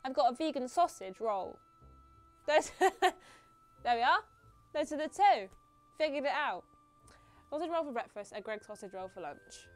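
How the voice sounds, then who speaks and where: Brief: young woman, female streamer, higher voice, rambling playful game chat, light music under. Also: expressive, measured pace, pauses often. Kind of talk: live game commentary, chatting with viewers.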